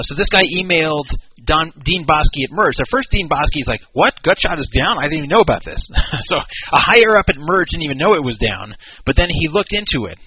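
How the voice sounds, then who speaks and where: A man's voice: on the high side, husky, no room sound, dull audio. A man hosting a talk show, explaining and criticizing a business in casual commentary. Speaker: podcast host.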